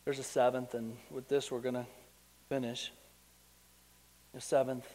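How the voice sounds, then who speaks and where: A man preaching a sermon to his congregation. He asks them rhetorical questions and tells a personal story that builds in excitement. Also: medium pitch, measured pace, long pauses, in a large hall. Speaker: pastor.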